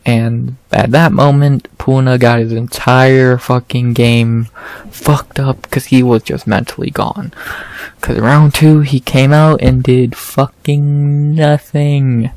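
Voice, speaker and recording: A man casually recapping fights, profane and exasperated, his frustration rising into loud rants. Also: medium pitch, fairly even intonation, slow, no room sound. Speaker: podcast host recapping fights.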